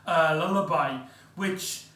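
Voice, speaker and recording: A man's voice: fairly high pitch, takes it slowly, fairly bright tone. A man casually reviewing an audio drama, rambling with lots of ums and restarts. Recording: echoey room, far from mic.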